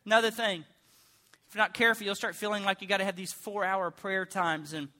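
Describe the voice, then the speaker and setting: A middle-aged man preaching a sermon as pastor, telling comic stories with sudden loud bursts and mock prayer voices. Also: sits high, fairly even intonation, fairly quick.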